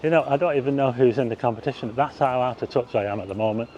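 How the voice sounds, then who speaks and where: A man's voice: mid-range voice, quick pace, darkish tone, a little hiss or hum. A middle-aged man giving a chatty, meandering walking-tour commentary on town streets, with asides to the viewer. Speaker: vlogger. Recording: slightly dull outdoor street recording.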